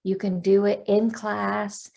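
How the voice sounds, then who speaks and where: Gravelly-voiced woman life coach. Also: medium pitch, level tone, darkish tone. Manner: practical, demonstrates breathing by counting slowly. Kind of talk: podcast interview, explaining calming techniques.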